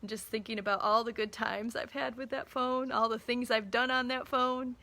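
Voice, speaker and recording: Speaking with a fairly high, bright voice that sounds pushed, this thirty-something mother who runs a small business chats through a story for viewers on a casual live stream. Her tone stays steady and her pace moderate while she performs the bits of dialogue.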